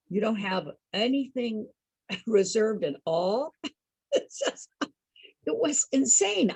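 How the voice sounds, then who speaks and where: A woman tells a personal story with real animation, her voice leaping up and down as she laughs and asks her listeners questions. Her tone is a little husky, set fairly high, and sounds close and dry with no room echo. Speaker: entertainer for program participants.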